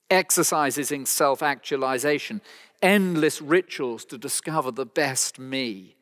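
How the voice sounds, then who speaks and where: A man's voice: a little high, fairly bright tone. A man with a British accent preaching an expository sermon, earnest and emphatic, hammering home key phrases by repeating them. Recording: long church reverb.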